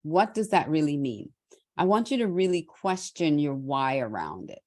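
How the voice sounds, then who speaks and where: A middle-aged woman from Trinidad hosting a motivational talk, speaking candidly and reflectively with restarts and soft laughs. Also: sits low, very animated, moderate pace, dry recording, clean studio sound. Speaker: host.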